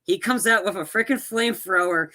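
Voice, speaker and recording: Bright-voiced man rambling through a recap. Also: high-pitched, a little fast. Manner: rambling retelling with many restarts and acted-out quotes. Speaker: podcast co-host. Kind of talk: casual movie recap.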